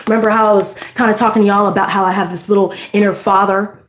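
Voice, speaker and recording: A woman's voice: medium pitch, level tone, quick pace. Blunt, profane woman ranting in an echoey room. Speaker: tarot reader. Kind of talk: unscripted tarot reading rant.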